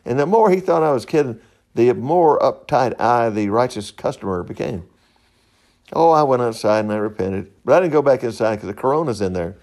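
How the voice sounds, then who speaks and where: A man's voice: medium pitch, lively intonation, a little fast, a little mellow. A middle-aged man, hosting a podcast in a rambling, folksy monologue and laughing at his own stories. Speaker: podcast host.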